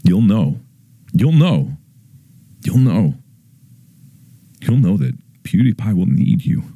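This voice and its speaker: A solemn father speaking low and slow, every word weighty and hushed, as a man plays him. The voice is deep and sits close and dry. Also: big pitch swings, breathy edge, no room sound, full character voice. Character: solemn father giving grave advice to his son.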